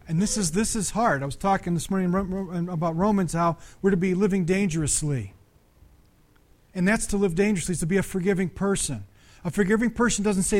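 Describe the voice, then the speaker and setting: A man preaching a conversational sermon as pastor, often asking the congregation questions. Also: high voice.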